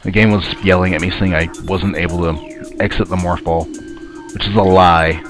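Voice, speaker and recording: A man playing a video game offers casual let's play commentary over music, his low, stuffy voice fairly even in intonation and at normal speed. He rambles along and mutters complaints at the game.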